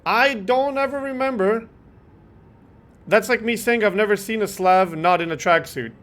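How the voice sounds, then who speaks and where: A man from Croatia chatting casually while streaming a game, animated and joking, swearing and laughing often. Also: high-pitched, moderate pace. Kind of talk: casual gameplay chat with chat replies.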